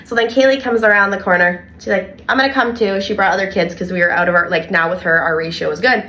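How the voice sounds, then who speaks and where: A young adult woman, co-hosting a casual podcast and telling animated stories from her childcare work with lots of "like". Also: lowish voice, fast. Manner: animated storyteller, heavy filler "like". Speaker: podcast co-host and childcare worker.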